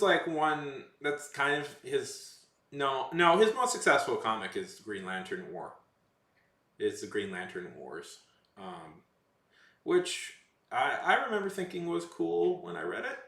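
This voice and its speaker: A man's voice: medium pitch, sharp tone. A man chatting casually with his live chat while streaming, rambling with self-corrections and sarcastic asides. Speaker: livestreamer. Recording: roomy echo.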